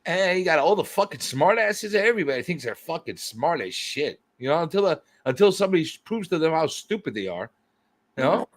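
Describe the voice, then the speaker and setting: A man's voice: fairly high pitch, big pitch swings, a little fast. A man hosting a livestream who rants in a heated, profane way and keeps repeating himself while he builds his point. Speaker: livestream host.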